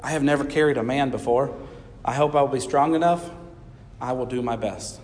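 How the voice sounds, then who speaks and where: A man voicing an eager, curious young male donkey in a spoken storybook, his voice rising high when excited. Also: fairly quick, natural voice. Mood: wondering. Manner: excited, pleading, high-pitched. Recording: reverberant hall.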